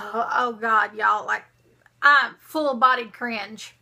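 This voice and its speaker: A young woman, telling a story to her vlog viewers in a dramatic, animated way. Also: a little high, drawn-out words, creaky. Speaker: vlogger.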